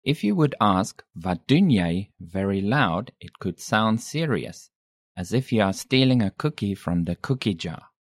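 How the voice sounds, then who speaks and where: A man modeling pronunciation in a language lesson, saying each word slowly and deliberately, then repeating it. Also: on the low side, lively intonation, dry recording. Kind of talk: slow, careful word-by-word pronunciation.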